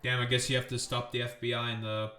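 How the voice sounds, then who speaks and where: A man's voice: medium pitch, flat delivery, quick pace, sharp tone, roomy sound. A man giving angry, profane commentary on political news clips, ranting at the people he covers.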